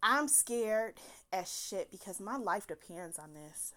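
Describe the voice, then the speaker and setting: A young woman telling a personal story in a casual, profane, animated way, laughing often as she talks. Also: medium pitch, slow pace, background noise.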